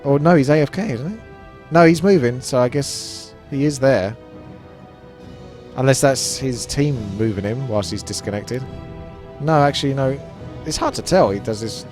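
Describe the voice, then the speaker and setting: A man's voice: medium pitch, normal speed, a little mellow, soft background music. A man casting a live strategy game match, chatty and analytical. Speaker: esports caster.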